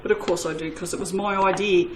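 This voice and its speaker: A woman's voice: medium pitch, fairly even intonation, fast, a little hiss or hum, low-quality recording. A woman who hosts a soap-making channel and chats casually and self-mockingly to her viewers while she crafts, laughing often.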